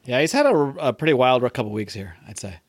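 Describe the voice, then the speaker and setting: A man's voice: medium pitch, wildly swooping pitch, fast talker, husky, dry recording, clean studio sound. A man co-hosting a podcast, adding jokey, sarcastic asides. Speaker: podcast co-host. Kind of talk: casual banter.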